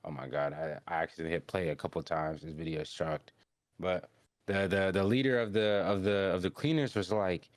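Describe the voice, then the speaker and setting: A man's voice: sits low, steady tone, brisk, no room sound, clean studio sound. A man hosting a podcast, casually recapping an anime episode in a rambling, slangy way with lots of restarts. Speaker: podcast host.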